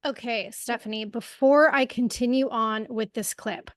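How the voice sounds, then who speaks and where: Female podcast co-host, chatty, slightly high voice, dry close sound. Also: fairly even intonation, measured pace, no room sound. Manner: chatty, laughs easily. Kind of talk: casual political podcast chat.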